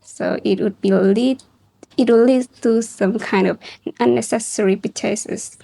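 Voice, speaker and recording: A woman with a Vietnamese accent answering a mock speaking exam, talking fast with hesitant fillers. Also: on the high side, steady tone, gravelly, dark tone. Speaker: exam candidate.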